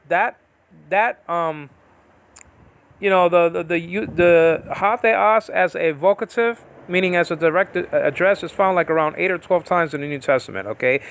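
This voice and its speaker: Bible teacher, man, slightly high voice, rambling lecture style, faint hiss behind. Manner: rambling, checks understanding often, many fillers. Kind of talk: informal Bible study lesson.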